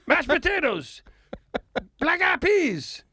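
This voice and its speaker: A man putting on an exuberant older man who shouts his holiday dinner menu in a sing-song way. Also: very high voice, sing-song, drawn-out words, no room sound, studio quality, pitched above the performer's own voice, full character voice. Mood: excited.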